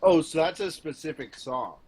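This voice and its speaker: A man at a tabletop game with a husky voice. He chats casually and throws in quick jokes between turns. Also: a little high, expressive, a little mellow. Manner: joking, quick asides. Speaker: player.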